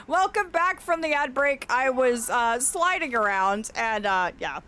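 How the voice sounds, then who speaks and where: A woman's voice: high voice, animated, takes it slowly, pushed and bright. A woman streaming, chatting casually and affectionately with her chat, her voice cracking now and then. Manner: affectionate, reads chat aloud, often laughs.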